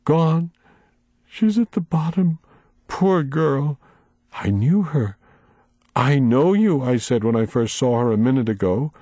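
A man voicing a terrified, grieving old woman in a storybook reading, with high, pleading, breaking cries. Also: expressive, moderate pace, hardly any pauses, warm tone, dry recording, lightly acted.

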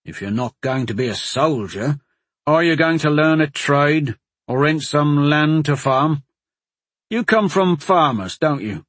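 A man's voice: a little high, lively intonation, a little slow, a bit bright, no echo, pitched above the performer's own voice. A man voicing a blunt, skeptical male soldier in a fantasy audiobook. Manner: blunt, grumbling then encouraging.

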